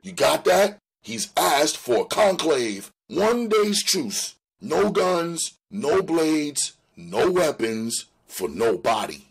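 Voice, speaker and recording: Man doing a steady young gang guy, firm, voice pitched up a bit. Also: slow pace, gravelly, hardly any pauses, breathy edge, heavily acted. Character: level-headed young male gang member.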